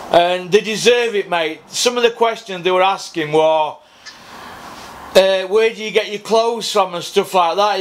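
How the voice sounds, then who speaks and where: High-voiced bloke ranting and swearing on his podcast. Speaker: podcast host. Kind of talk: profane boxing rant.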